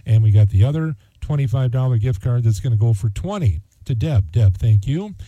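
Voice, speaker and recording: A man's voice: medium pitch, lively intonation, brisk, warm tone, no room sound, dull audio. A man hosting a local radio charity auction, reading out winning bids in a folksy, chatty way with plenty of fillers. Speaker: radio host.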